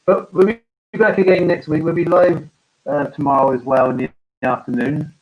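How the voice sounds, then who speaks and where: A man, a farmer, hosting a casual live-stream chat, talking haltingly with many ums and restarts. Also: on the high side, highs cut off.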